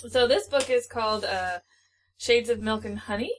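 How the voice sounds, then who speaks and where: A woman's voice: fairly high pitch, normal speed, a little hiss or hum, low-quality recording. A woman co-hosting a book podcast, chatting casually in playful, joking banter. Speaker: podcast co-host. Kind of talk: casual chat.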